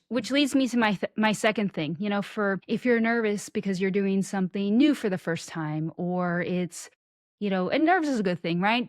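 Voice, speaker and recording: A lively, playful woman talks as a podcast guest from her home office. Her voice comes through a webcam, close and dry with almost no room sound. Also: mid-range voice, dry recording. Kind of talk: casual interview chat. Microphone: webcam video call.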